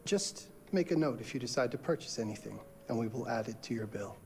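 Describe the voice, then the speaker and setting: An actor playing a gracious, faintly sinister hotel owner in a game. He speaks in a polished, courteous way at a middle pitch. Clear music plays under the game audio. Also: expressive, fairly quick, a little mellow, close to an everyday voice. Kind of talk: video game dialogue.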